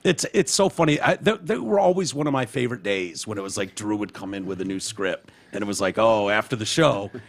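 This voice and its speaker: A man hosting a podcast, chatting casually with a guest. His voice is gravelly and a little husky, pitched somewhat high, and it swings widely up and down as he tells stories, laughing and swearing along the way. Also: brisk, few pauses. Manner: animated storyteller, laughs often, swears casually. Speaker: podcast host. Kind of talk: casual chat.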